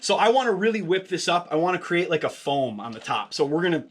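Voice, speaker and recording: A man's voice: on the high side, fast talker, heavy background noise. Chatty man making cocktails at home. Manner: chatty, jokey, offhand with fillers. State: slightly out of breath. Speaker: home cocktail video host. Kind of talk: casual how-to vlog.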